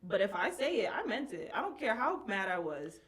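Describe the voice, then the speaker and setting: A woman's voice: medium pitch, sing-song, a little fast, fairly bright tone, slight background noise. A woman hosting a casual podcast, talking bluntly and candidly, with frequent swearing. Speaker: podcast host. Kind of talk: casual chat.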